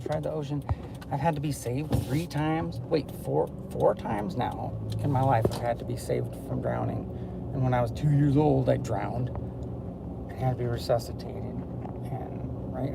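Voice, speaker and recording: A young man talking to his camera while riding in a car, rambling casually, excitable one moment and murmuring the next. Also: mid-range voice, vocal fry, very noisy. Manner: excitable, jumps between topics, swings from loud to murmured. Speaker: vlogger. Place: inside a car.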